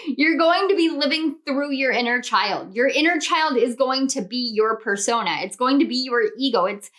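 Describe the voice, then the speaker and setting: A woman's voice: high-pitched, normal speed. A young woman doing a pick-a-card tarot reading, gushing and exclamatory as she speaks to her viewers. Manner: gushing, excitable, spiritual, exclamatory. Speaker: tarot reader.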